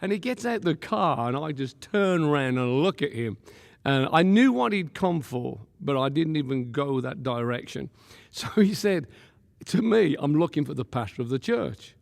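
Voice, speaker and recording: Gravelly male pastor guest, a bit higher pitch, lively storyteller who laughs and acts out quotes, reverberant room. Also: a little slow. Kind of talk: animated storytelling.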